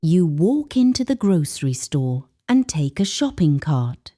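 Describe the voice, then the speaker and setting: A woman narrates an English lesson at an unhurried pace, speaking slowly and clearly. Her tone is mellow, and her pitch moves up and down a lot, rising whenever she reads out an example phrase. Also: very animated. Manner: slow and clear, sample phrases read with a higher lilt. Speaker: English teacher.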